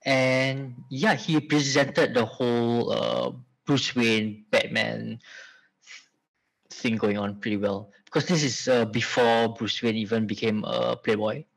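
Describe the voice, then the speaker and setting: A man co-hosting a casual podcast chat, relaxed and thinking aloud with "uh" fillers. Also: medium pitch, slow pace, vocal fry, low-quality recording. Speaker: podcast co-host.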